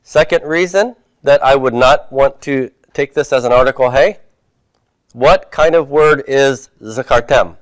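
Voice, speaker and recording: A man's voice: medium pitch, unhurried, no room sound. Man teaching a Hebrew class. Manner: patient, asks the class questions and answers them. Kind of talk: classroom homework review.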